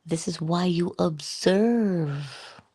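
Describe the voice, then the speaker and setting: Woman motivational speaker, husky and low, chatty delivery. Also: drawn-out words, warm tone. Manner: conversational, asks rhetorical questions. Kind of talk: inspirational talk.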